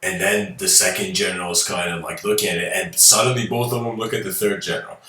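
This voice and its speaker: A man's voice: deep voice, steady tone, fast, bright, forceful tone. A man giving a lecture, telling a story casually with many fillers and chuckles. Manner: loose and rambling, heavy on fillers, chuckles. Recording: roomy, from a distant mic.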